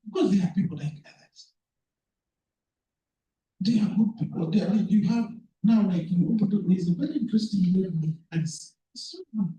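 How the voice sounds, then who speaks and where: A man giving a conference presentation, talking in a halting, earnest way and repeating words as he goes. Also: high-pitched, mellow. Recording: echoey room, speaker far from mic.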